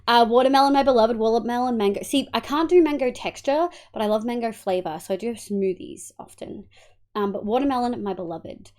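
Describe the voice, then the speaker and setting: A woman's voice: a little high, brisk. A young Australian woman streaming live, chatting casually and greeting her viewers one by one. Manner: greets chat warmly by name, swings into loud playful outbursts.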